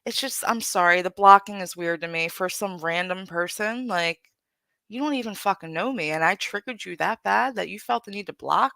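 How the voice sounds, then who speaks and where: Streamer woman, blunt, profane rant, bright sharp tone, dry close sound. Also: mid-range voice, normal speed, vocal fry, no echo. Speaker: livestream host. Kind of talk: heated livestream rant.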